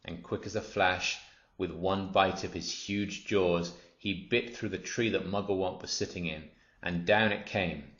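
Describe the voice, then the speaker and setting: Low-voiced guy reading a kids story out loud, roomy dull recording. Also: a little slow. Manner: steady, expressive reading. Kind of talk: storybook read-aloud narration.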